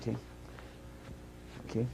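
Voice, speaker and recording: A man instructing a martial arts demonstration, calm and methodical, calling out each move and repeating "notice" and "okay" as he walks through it slowly. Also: faint music behind. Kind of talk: live demonstration teaching. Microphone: stage demonstration recording.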